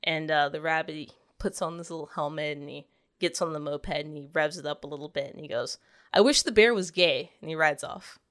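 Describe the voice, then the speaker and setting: A woman's voice: low-pitched, brisk. A woman guesting on a podcast, chatting casually and telling a long joke. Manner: relaxed, chatty, with fillers and laughter.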